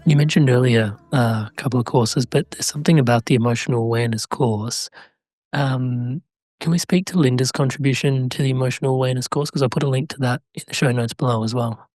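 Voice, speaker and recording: A male podcast host speaks earnestly, feeling his way toward each question. His voice sits at a middle pitch, and the recording is dry and close, with no echo. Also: fast, a little mellow. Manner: earnest, searching for words. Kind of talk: interview conversation.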